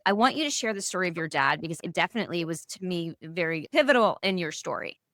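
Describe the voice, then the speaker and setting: A woman's voice: lowish voice, animated, fast talker, fairly bright tone, no room sound. A woman hosting a podcast, asking her guest questions in an engaged, affirming way. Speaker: podcast host. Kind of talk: casual interview.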